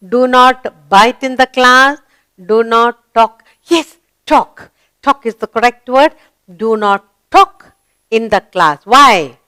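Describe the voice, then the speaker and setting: A woman's voice: on the high side, fairly bright tone, smooth, no room sound. A woman teaching a grammar lesson to young children, spelling letters out and asking encouraging questions.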